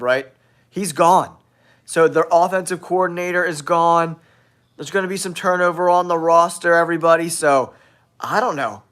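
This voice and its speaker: A man's voice: a little high, a bit bright. A man hosting a live sports stream with a stuffy, nasal voice from a cold, exclaiming and repeating himself. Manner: exclaiming, repetitive, addresses viewers as guys. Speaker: sports show host.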